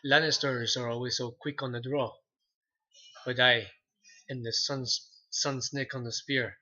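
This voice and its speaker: A young man, a non-native English speaker, voicing a proud, vengeful fantasy-drama prince in a low, menacing Spanish accent, heard through dull livestream audio. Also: little pitch movement, measured pace, bright, forceful tone. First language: Icelandic. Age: young adult.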